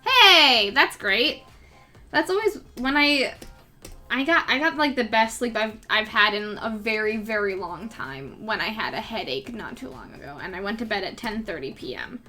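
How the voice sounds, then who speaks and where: A woman's voice: fairly high pitch, lively intonation, moderate pace, sharp tone, faint music behind. A young woman chatting casually with her viewers and her cat during a live drawing stream.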